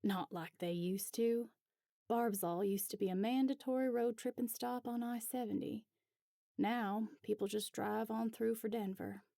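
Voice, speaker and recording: A woman's voice: fairly high pitch, fairly even intonation, measured pace, gravelly, mellow, no echo, clean studio sound. Woman reading as a hearty middle-aged man. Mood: nostalgic. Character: cheerful middle-aged man, jokey and proud.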